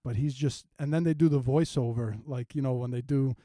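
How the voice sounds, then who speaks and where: A man co-hosts a casual comedy podcast, his voice dark and mellow. He laughs easily and recaps scenes with playful mock voices. The sound is dry and close. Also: medium pitch, steady tone, a little fast, no room sound. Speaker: podcast co-host.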